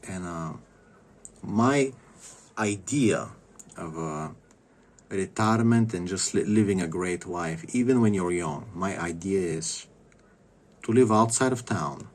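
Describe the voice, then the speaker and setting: A man's voice: sits low, lively intonation. A young man talking in a casual, rambling monologue, swearing often and stumbling over restarts as he rants. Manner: profane, rambling, halting with restarts. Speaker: vlogger.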